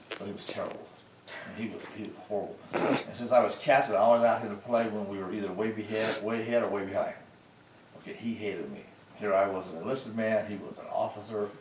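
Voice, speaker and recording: Older man telling old service stories. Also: on the low side. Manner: folksy, animated when recounting arguments. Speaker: veteran interviewee. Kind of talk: casual storytelling. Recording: roomy, distant mic with faint noise.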